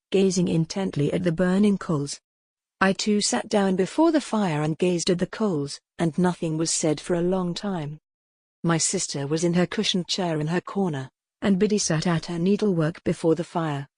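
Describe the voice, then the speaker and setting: A text-to-speech woman's voice reading a classic novel as an audiobook narrator, with an even, machine-read delivery. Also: lowish voice, no room sound, clean studio sound.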